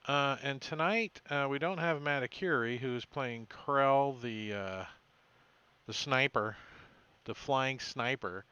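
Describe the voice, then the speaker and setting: A man running a tabletop game as game master, recapping the session in a halting way with many fillers and self-corrections. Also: mid-range voice, bright, forceful tone, clean tone, muffled recording.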